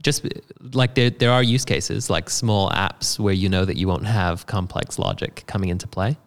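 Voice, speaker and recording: A man talking casually about software tools, explaining with fillers and swearing offhandedly. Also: low voice, fairly even intonation, moderate pace, creaky. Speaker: software developer. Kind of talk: casual chat.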